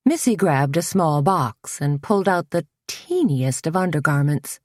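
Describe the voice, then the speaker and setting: A woman reading a mystery novel aloud in a measured, even manner. Her voice is low and she takes her time. The recording is close and dry. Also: dry recording. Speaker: audiobook narrator. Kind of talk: scripted narration.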